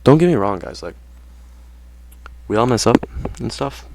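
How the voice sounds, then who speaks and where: A man's voice: medium pitch, sing-song, moderate pace, gravelly, darkish tone, no room sound. A man ranting casually to his viewers in slangy, profane talk, saying "bro" constantly. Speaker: vlogger. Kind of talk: casual rant to camera.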